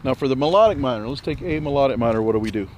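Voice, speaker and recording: A man giving a casual music theory lesson, explaining step by step in a relaxed, rambling way and sounding slightly out of breath. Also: mid-range voice, rapid-fire, a little hiss or hum.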